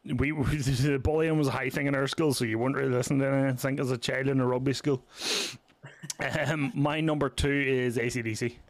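A man's voice: medium pitch, little pitch movement, moderate pace, dry recording. Male co-host, casual sweary banter, dry mic. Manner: laughing, swearing, joking banter. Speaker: podcast co-host. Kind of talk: casual chat.

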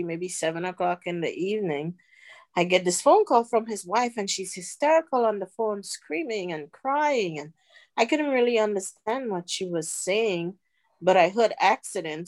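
A middle-aged woman with a somewhat low voice tells a personal testimony. She speaks very slowly and earnestly, pausing often between phrases. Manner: earnest, slow storytelling with pauses. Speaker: podcast guest.

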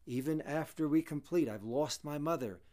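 A man's voice: on the high side, normal speed, darkish tone. Earnest man teaching a psalm. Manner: earnest, emphatic, quotes and repeats Hebrew phrases. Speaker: Bible teacher. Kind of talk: conversational Bible study.

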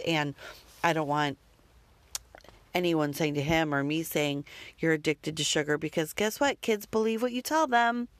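Her voice deep and the recording dry, a woman rambles frankly about being a parent, running herself down and cursing once in a while.

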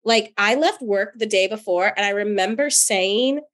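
A woman from North Carolina co-hosting a podcast as a therapist, telling personal stories in an animated, chatty way with frequent laughter. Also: medium pitch, moderate pace. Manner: animated, laughs often, chatty with many fillers. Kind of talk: casual chat and personal storytelling.

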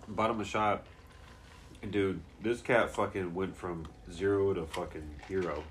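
Young guy, very low pitch, casual swearing storyteller, faint noise behind. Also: moderate pace. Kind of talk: casual chat.

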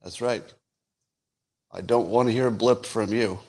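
A man in his sixties hosting his own podcast, musing wryly in casual solo commentary with chuckles and sudden jumps in pitch for emphasis. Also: fairly even intonation, a little slow, darkish tone. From United States. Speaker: podcast host.

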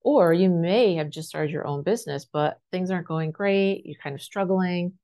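A woman's voice: lowish voice, normal speed, warm tone. A woman life coach giving a motivational talk to camera, speaking directly, asking rhetorical questions and often checking in with "right?".

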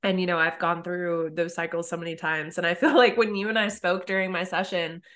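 A woman hosting a podcast, telling stories in a casual, animated way with lots of "like". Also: on the low side, brisk. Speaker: podcast host. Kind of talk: casual interview chat.

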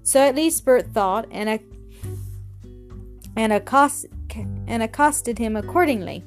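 A woman reads an old story aloud at a steady pace, sometimes stumbling and restarting a word. Her voice sits a bit high. Faint music plays underneath. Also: a little slow, pauses often. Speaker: narrator. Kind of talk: audiobook reading.

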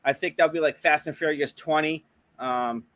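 Young boston dude cussing nonstop on his podcast, bright voice, dead dry sound. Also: fairly high pitch, moderate pace, no room sound. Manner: swears constantly, laughs often. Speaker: podcast host. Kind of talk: casual chat.

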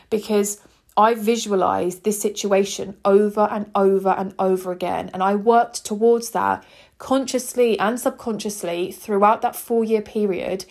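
A woman in her twenties, hosting a podcast and telling a personal story in an earnest, heartfelt, chatty way. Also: medium pitch. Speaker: podcast host.

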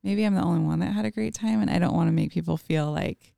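Gravelly-voiced woman chatting casually. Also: fairly low pitch, quick pace, dark tone, no echo, studio quality. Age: adult with children. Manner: chatty, lots of fillers and acted-out quotes. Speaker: podcast guest. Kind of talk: casual conversation.

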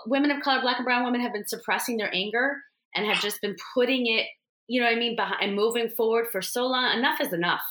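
A woman's voice: fairly high pitch, quick pace, fairly bright tone, reverberant, low-quality recording. A woman hosting an interview, affirming and supportive of her guest. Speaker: host. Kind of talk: conversational interview.

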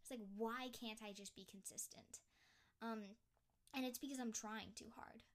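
A woman's voice: fairly high pitch, fairly even intonation, normal speed. A young woman hosting her own solo podcast, talking in a rambling, self-reflective way with frequent restarts. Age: young adult. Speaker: podcast host.

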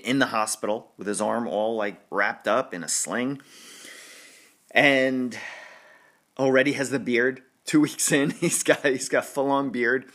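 Podcast host, New man, low-ish bright voice, rambling and chatty. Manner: rambling, chatty, laughs often, quick restarts. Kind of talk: casual sports podcast chat.

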